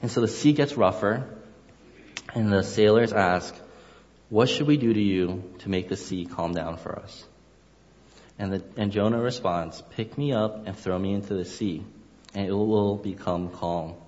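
A man's voice: fairly low pitch, a little slow, a little mellow, highs cut off. Man preaching in a reverberant hall. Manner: expository, explains Hebrew words, acts out dialogue. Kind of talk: sermon.

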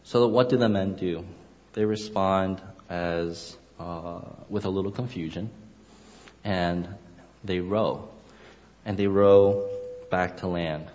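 A man's voice: low-pitched, slow, pauses often, a little mellow. A man preaching a sermon, explaining Hebrew wording and acting out the characters' lines. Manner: expository, explains Hebrew words, acts out dialogue. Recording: lo-fi with long hall reverb.

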